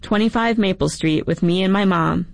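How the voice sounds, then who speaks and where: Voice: mid-range voice, moderate pace, creaky, no room sound, natural voice. Sulky jealous teen girlfriend, read by a narrator. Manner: snapping, grumbling.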